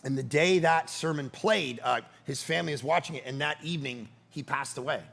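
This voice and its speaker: A man preaching a sermon, his voice pitched high for a man with a gravelly rasp. He tells everyday stories in an animated, joking way. He sounds like he is in his thirties. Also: a little fast. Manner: storytelling, animated and jokey. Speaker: pastor.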